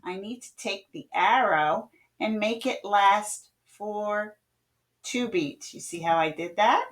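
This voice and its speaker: A woman's voice: mid-range voice, takes it slowly. A woman music teacher giving an online classroom lesson, patiently explaining note values and chanting rhythm syllables for her students to echo. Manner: sings out rhythms, playful game calls.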